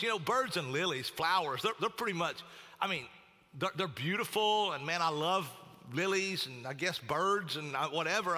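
Man preaching, bright cutting voice, sits kinda high, long echo like a big sanctuary. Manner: conversational and emphatic, repeats key phrases. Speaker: pastor. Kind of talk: sermon.

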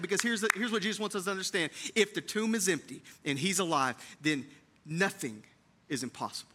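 A man preaching an Easter sermon to his church, moving between hushed, tender lines and loud, fervent build-ups, repeating phrases for emphasis. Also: high voice, fairly quick. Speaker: pastor. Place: church sanctuary.

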